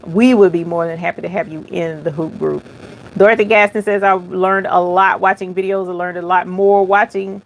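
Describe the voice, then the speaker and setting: A middle-aged woman hosting an embroidery live stream, reading viewer comments aloud in a chatty, relaxed, folksy way and thinking aloud as she goes. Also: on the low side, moderate pace, vocal fry, a little hiss or hum. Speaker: embroidery channel host.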